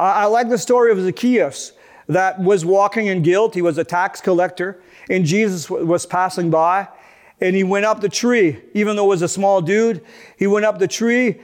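High-voiced male pastor preaching earnestly. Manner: earnest, repeats and restarts words while preaching. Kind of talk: sermon.

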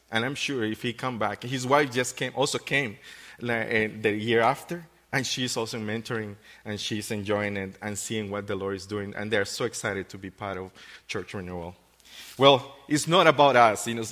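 Earnest preaching man with halting restarts. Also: fairly low pitch, fairly bright tone, big-room sound. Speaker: pastor. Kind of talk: sermon.

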